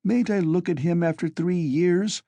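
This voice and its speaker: A man's voice: sits high, a little slow, creaky, warm tone, no room sound, voice pushed up. A man voicing an anxious, timid middle-aged mother in an audiobook reading. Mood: pleading. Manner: timid, pleading.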